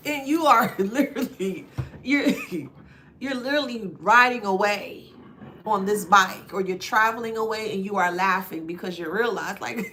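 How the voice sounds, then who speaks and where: A woman's voice: mid-range voice, a little slow, long pauses, pushed and bright, slight background noise. A woman giving a spiritual tarot card reading to her viewers. She laughs often and slips in mocking asides.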